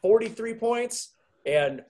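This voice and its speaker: Man hosting a podcast, high voice, exuberant, shouting and laughing. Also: animated, takes it slowly. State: voice strained from shouting. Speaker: podcast host. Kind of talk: excited casual sports chat.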